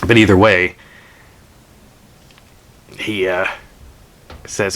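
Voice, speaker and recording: A man casually telling a folk story out loud, rambling with asides and the odd curse word. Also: lowish voice, a little slow, creaky, long pauses, a little hiss or hum.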